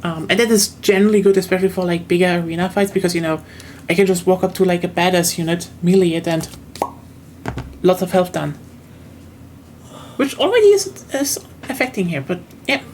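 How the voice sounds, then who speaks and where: A woman's voice: on the low side, expressive, brisk, a little mellow, a little hiss or hum. Rambling German woman streamer. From southern Germany. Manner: rambling, many fillers and restarts. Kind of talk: casual chat while gaming.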